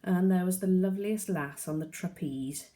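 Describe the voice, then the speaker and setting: A woman's voice: fairly low pitch, normal speed, warm tone, pitched above the performer's own voice, lightly acted. A woman reading aloud, voicing a muddled old man who speaks in broad dialect, in a storybook reading. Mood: wistful.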